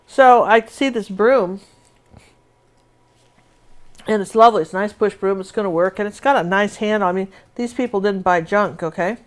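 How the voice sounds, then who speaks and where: A woman's voice: medium pitch, normal speed, pauses often. A woman teaching a live painting lesson, chatting and telling rambling stories while she works. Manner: rambling, chatty storyteller with many asides. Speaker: painting instructor.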